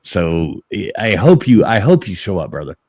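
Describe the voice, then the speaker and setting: A man's voice: low voice, very animated, moderate pace, a little mellow, slightly rough, no echo, studio quality. A man hosting a casual livestream chat, talking loosely, swearing a bit and restarting his sentences. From American South. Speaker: host.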